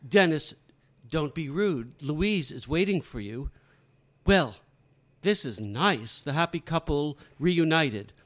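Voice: mid-range voice, expressive, slow. An actor playing a young mother who speaks in a cutting, sarcastic way. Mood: bitter. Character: bitter, distraught young mother. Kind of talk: audio drama acting.

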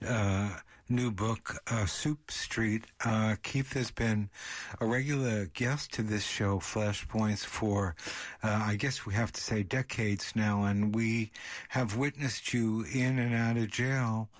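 A male radio host introducing his guest, speaking haltingly with many filler sounds. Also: lowish voice, steady tone, no echo, clean studio sound.

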